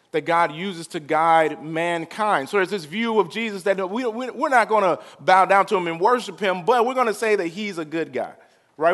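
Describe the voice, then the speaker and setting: Preaching with a slightly high voice, a male pastor engages his listeners through call-and-response and moves between soft and loud passages.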